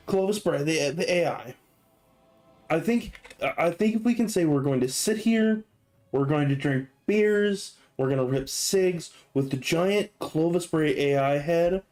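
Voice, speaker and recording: A man's voice: on the high side, slow, a little mellow. A young man hosting a gaming video, riffing in a rambling, profane, joking way. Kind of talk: casual comedic commentary.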